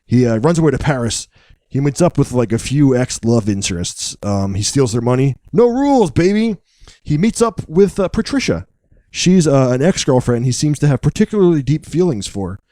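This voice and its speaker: A man co-hosting a podcast, recapping a film in a casual, wry, joking way with deadpan asides. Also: mid-range voice, moderate pace, no echo, studio quality.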